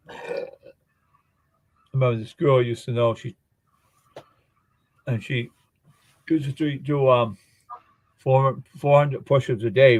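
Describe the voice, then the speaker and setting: A man's voice: mid-range voice, no echo. A man chatting casually, telling rambling everyday anecdotes as a guest on a live stream. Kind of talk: casual chat.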